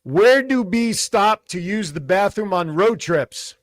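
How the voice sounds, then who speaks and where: A man's voice: sits high, lively intonation, slow pace, no room sound. A man hosting a casual radio show, telling dad jokes and repeating each setup twice.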